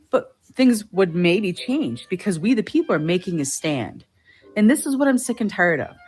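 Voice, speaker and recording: Low-voiced woman ranting. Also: slightly rough. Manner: agitated, ranting, retells arguments. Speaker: vlogger. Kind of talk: casual rant to camera.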